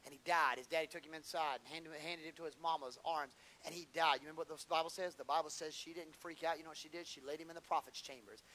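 A man preaching a sermon as pastor, storytelling and building to impassioned shouts. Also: fairly high pitch, steady tone, quick pace, hardly any pauses, a little hiss or hum.

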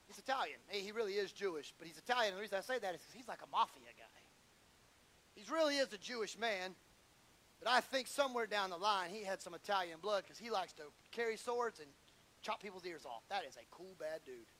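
A male preacher with a very high, bright voice delivers a sermon. He swings from shouted fervor down to low, intimate asides, and he repeats words when worked up. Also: lively intonation, brisk, slight background noise, rough recording.

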